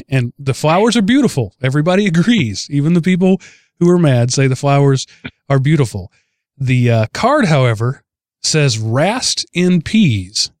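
A man's voice: medium pitch, darkish tone, dry recording, clean studio sound. A man hosting a casual podcast chat, telling a news story with amused chuckles. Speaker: podcast host.

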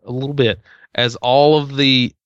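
A man's voice: medium pitch, flat delivery, normal speed, a bit bright, clear, resonant tone, dry recording, lo-fi sound. A man co-hosting a podcast in casual chat, telling stories with a wry, joking manner. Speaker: podcast co-host.

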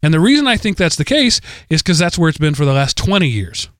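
A man's voice: fairly high pitch, big pitch swings, quick pace, a bit bright, dry recording, studio quality. A man hosting a podcast in a casual, rambling way, with many restarts. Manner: rambling, full of restarts and fillers. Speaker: podcast host.

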